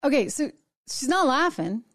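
A woman hosting a political talk show, talking in a brisk, sarcastic, conversational way. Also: sits high, sing-song, a bit bright, dry recording. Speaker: political commentary host. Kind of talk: opinionated solo talk show.

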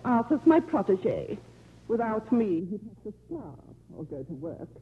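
Here the same sort of part, a lonely older woman with a sardonic streak and a drinking habit, is voiced at medium pitch, very animated but a little slow. The actress mocks and plays it theatrically in 1950s radio drama fashion, heard over a dull broadcast with faint hiss.

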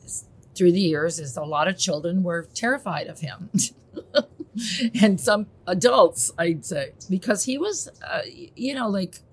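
An older woman being interviewed, recalling the past in a hesitant, halting way. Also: on the low side, lively intonation, husky. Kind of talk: recalling childhood memories.

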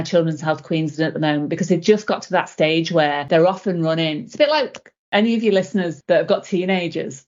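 A middle-aged woman with a fairly low voice tells stories as a guest on a podcast, lively and animated, slipping into the voices of people she quotes. The recording is a bit dull and lo-fi, and she sounds like a coach talking easily about her work. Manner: animated storyteller, acting out dialogue. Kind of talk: conversational interview answers.

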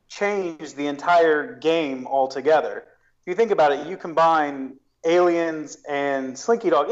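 Man, podcast guest, casual, restarts a lot, a bit high-pitched, muffled lo-fi sound. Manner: explains at length with many restarts.

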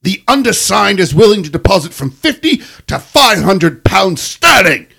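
A man putting on a British accent to voice an angry, pompous Victorian English gentleman in slow, booming, indignant proclamation. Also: sing-song, gravelly, slightly rough, heavily acted. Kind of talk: podcast character reading.

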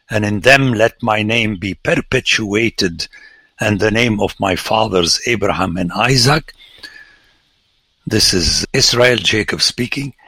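A man, a priest, giving a lecture on scripture with animated, theatrical emphasis and sudden exclamations. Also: lowish voice, husky, dry recording.

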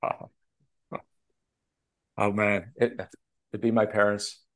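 A man's voice: fairly low pitch, takes it slowly. A man from Canada, a TV producer and author, telling emotional stories in a casual podcast interview over a remote call. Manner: animated, emotional storytelling.

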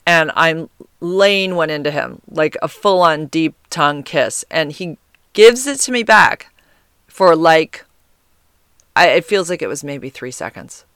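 Woman podcast host, chatty and animated, smooth clear tone, recorded dry on a close mic. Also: deep voice, unhurried, dry recording. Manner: chatty, heavy use of "like" fillers. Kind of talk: casual storytelling monologue.

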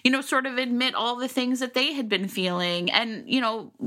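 A woman co-hosting a podcast, chatting casually about a book in an animated, rambling way with lots of fillers. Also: on the high side, moderate pace. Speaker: podcast co-host. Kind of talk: casual book-discussion chat.

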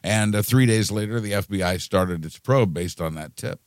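A man's voice: lowish voice, moderate pace, no echo. A man commenting on political news in casual talk, hesitant with many restarts and dry wit.

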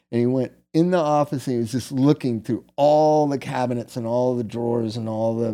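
Speaking as a guest, a middle-aged man unspools a lengthy, frank story from his own life in a loose, wandering way, frequently tacking on "right?". He has a warm, medium-pitched voice.

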